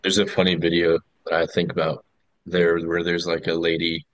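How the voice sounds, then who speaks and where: A man as a podcast guest, chatting casually, asking curious questions and telling stories in an animated way. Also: low-pitched, moderate pace, no echo. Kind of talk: casual chat.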